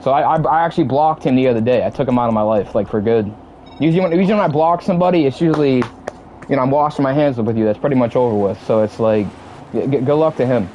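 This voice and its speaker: Heated and swearing, a young gamer in his 20s repeats himself while unloading on his stream chat in a casual way. His voice is medium-pitched and quick, and the dull-sounding audio has a bit of hiss or hum.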